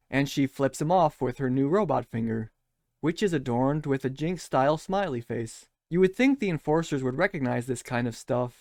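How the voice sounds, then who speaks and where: A man's voice: mid-range voice, darkish tone, dry recording, clean studio sound. A man giving scripted, sarcastic commentary as a show critic, scathing, mocking and profane.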